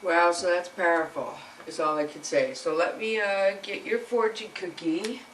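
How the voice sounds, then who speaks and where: A woman's voice: fairly low pitch, moderate pace, recorded from a distance, slight background noise, rough recording. Emotional woman giving a tarot reading. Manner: emotional, earnest, speaks directly to viewer. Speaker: tarot reader. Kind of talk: casual tarot reading to camera.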